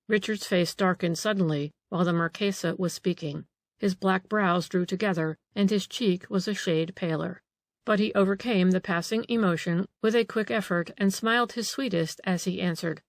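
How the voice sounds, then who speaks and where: A woman's voice: lowish voice, normal speed, dry recording. Woman narrating an audiobook, dry.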